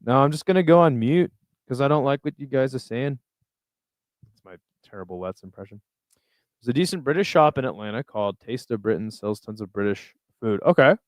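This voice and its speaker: In a dry, studio-quality recording, a male streamer goes through chat messages and reacts loosely, swearing freely. His mid-range voice is expressive and moves at a moderate pace.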